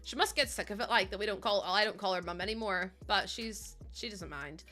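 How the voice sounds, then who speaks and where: A young woman in her late twenties streams a life-sim game and chats away in a rambling, laughing way. Her voice is bright and forward at a middle pitch, with faint game music underneath. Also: fairly quick. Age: late 20s. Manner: chatty, rambling, laughs often. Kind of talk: casual chat while playing a game.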